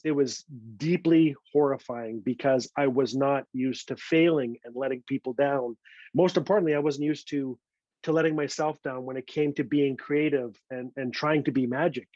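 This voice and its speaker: A man's voice: on the high side, a little mellow, no room sound. A man telling a personal story at a literary talk, earnest and prone to repeating words as he restarts. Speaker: author speaking at a literary event. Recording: dull, slightly lo-fi dry sound.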